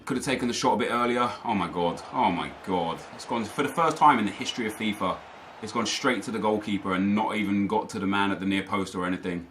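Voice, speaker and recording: A man's voice: fairly low pitch, fast talker, a bit bright, slight background noise. A young man commentating live over his own gameplay, ranting in frustration to his viewers. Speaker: gaming YouTuber.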